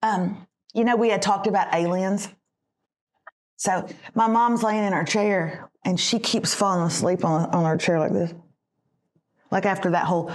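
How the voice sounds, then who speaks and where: A woman hosts a podcast, telling a family story in a confiding, animated way. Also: lowish voice, fairly quick. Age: 40s. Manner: animated, confiding, acts out the people in her stories. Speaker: podcast host. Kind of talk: casual storytelling chat.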